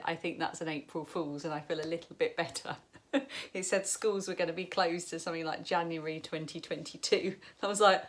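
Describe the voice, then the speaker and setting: British woman chatting away at home, lowish voice, laughs a lot. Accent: British English. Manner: chatty, rambling, laughs often. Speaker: craft vlogger. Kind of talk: casual chat to camera. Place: home, bedroom and bathroom.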